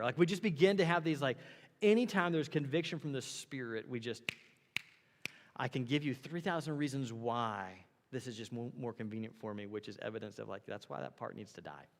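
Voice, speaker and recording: A man preaching a sermon as a young adults pastor, animated, building to loud emphatic peaks and then dropping low. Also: a little fast. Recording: long hall reverb.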